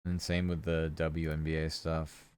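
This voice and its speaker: A man's voice: very deep voice, completely flat delivery, a little slow, clear, resonant tone. A young man chatting casually on a live stream while he works, often muttering to himself.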